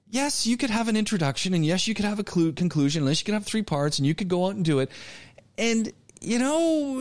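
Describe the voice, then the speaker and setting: A man teaching an online public speaking class, lecturing in an animated, coaching way with frequent restarts. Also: a little high. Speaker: college public speaking instructor.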